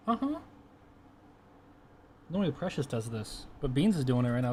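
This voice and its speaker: A man's voice: medium pitch, big pitch swings, fairly quick, long pauses, darkish tone, slight background noise. Man cooing at his cat. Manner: coaxing, cooing pet talk mixed with offhand mutters. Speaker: streamer talking to his cat. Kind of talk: casual chat with a pet. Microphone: desk microphone.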